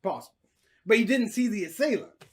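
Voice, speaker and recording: A man's voice: high-pitched, sing-song, brisk, darkish tone. Podcast cohost guy, chill and jokey, voice moves around a lot when he tells stories. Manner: laid-back, laughs along, teasing asides. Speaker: podcast co-host. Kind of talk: casual chat.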